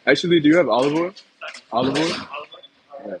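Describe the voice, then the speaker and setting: A man's voice: on the high side, brisk, heavy background noise. A man with an East Coast American accent, joking around in a playful casual monologue and laughing often. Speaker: comedic vlogger.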